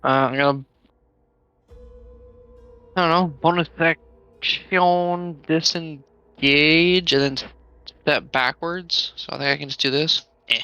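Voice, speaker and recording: A man's voice: on the high side, steady tone, takes it slowly, long pauses, sharp tone, smooth, no echo, lo-fi sound, faint music behind. A man playing a tabletop game who swears freely and jokes at his own bad rolls. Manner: swears freely, joking and self-mocking. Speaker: player. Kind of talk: casual game chat.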